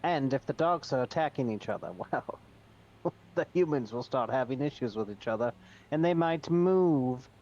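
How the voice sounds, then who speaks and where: A man's voice: mid-range voice, expressive, moderate pace, a little mellow, dull audio. A man playing a scheming cat in a tabletop game, theatrical and mock-sinister. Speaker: player.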